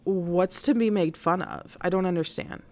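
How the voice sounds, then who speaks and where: A woman's voice: lowish voice, moderate pace, a little mellow. A woman hosting a casual commentary stream, blunt and exasperated, rambling with many fillers. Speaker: host of a news and commentary stream.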